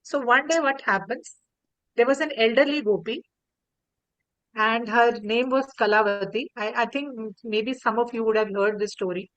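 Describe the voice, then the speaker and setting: A woman tells a devotional story on a video call, animated and acting out the characters' lines. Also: a little high, moderate pace, no echo, muffled recording.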